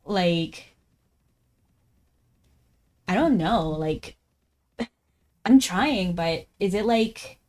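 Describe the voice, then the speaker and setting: A woman game streamer chatting casually as she plays, talking fast, laughing often and saying "like" a lot. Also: mid-range voice, expressive, a little mellow. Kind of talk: casual live-stream chat while gaming.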